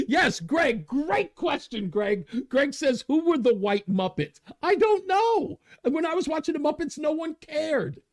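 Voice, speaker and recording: A man hosting his own show, talking in an excited, worked-up way and laughing at himself. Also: slow pace. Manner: worked-up, laughing at himself, big pitch swings. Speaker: radio show host. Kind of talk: animated commentary monologue.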